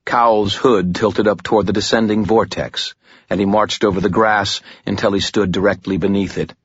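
A male narrator reads a first-person fantasy story in a deep, husky voice. His telling is tense and measured. The recording is dry and dull, with a lo-fi sound. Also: steady tone, no echo. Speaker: audiobook narrator.

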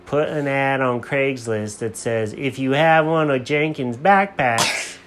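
A man's voice: medium pitch, slow, fairly bright tone, slight background noise. A man voicing a laid-back, helpful male cat who runs a shop, talking in an easygoing, chummy way. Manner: easygoing, calls everyone man.

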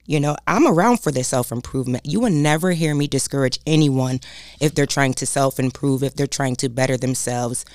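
Low-voiced woman giving an emphatic pep talk. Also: fairly quick, a little mellow, no room sound, studio quality. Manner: preachy, emphatic, repeats key phrases; addresses listeners directly as "y'all". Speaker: self-help speaker. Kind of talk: motivational talk.

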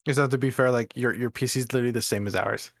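A man's voice: medium pitch, fairly even intonation, racing, a bit bright. A man hosting a casual podcast with friends from home over a call, laid-back and saying bro a lot. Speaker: podcast host. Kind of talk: casual chat among friends.

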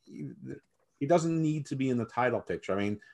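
A man's voice: medium pitch, animated, brisk, darkish tone. A man guest co-hosting a casual podcast, opinionated, often repeating words as he thinks. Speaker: guest co-host.

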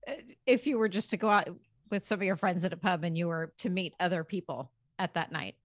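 A woman's voice: lowish voice, a little fast, no echo. An American woman hosting a casual interview, asking curious prompting questions. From United States. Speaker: host, interviewer.

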